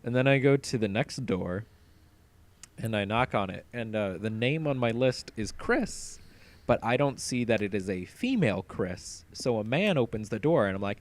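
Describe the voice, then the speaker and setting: A man's voice: on the low side, animated, normal speed. A man hosting a podcast, telling a long story in casual chat. He laughs often and swears freely. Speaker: podcast host.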